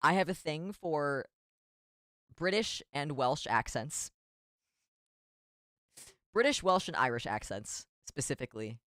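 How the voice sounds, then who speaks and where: Smooth-voiced rambling streamer guy. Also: on the high side, lively intonation, takes it slowly, pauses often, pushed and bright, no room sound, studio quality. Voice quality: rambling, giggly, self-deprecating. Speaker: VTuber streamer. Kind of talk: casual stream chat.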